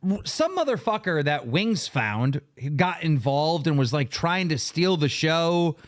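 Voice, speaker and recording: A man's voice: on the high side, sing-song, unhurried. A man hosting a livestream, ranting angrily and cursing heavily as he tells his side of a story. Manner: profane, heated, emphatic. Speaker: livestream show host. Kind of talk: angry livestream rant.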